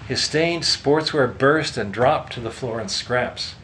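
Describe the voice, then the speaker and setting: A man reading a story aloud in a steady, measured way. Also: medium pitch, slight background noise, rough recording. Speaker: narrator. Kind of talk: audiobook narration.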